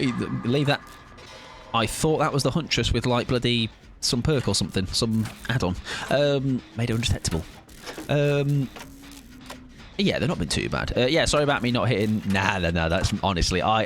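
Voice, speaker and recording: A man with a fairly bright voice chats on a gaming livestream, and a little hiss or hum sits under the audio. Chatty and friendly, he greets his viewers and lets out high yelps as he plays.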